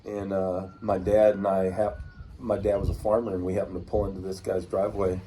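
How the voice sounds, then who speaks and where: A man's voice: low voice, flat delivery, fairly quick, mellow, slight background noise. A middle-aged man from Washington state telling rambling, folksy stories about his start with pigeons in a casual outdoor interview. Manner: rambling, folksy, acts out quoted voices.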